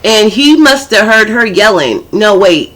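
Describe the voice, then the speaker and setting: A woman's voice: medium pitch, big pitch swings, a little slow, fairly bright tone. A woman vlogger casually telling a personal story, chatty and full of profanity. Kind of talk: storytime vlog.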